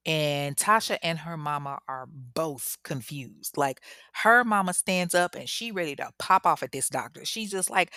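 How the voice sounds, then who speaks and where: A woman telling a true-crime story in a casual, slangy, animated conversational way. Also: low voice, moderate pace, no echo, clean studio sound.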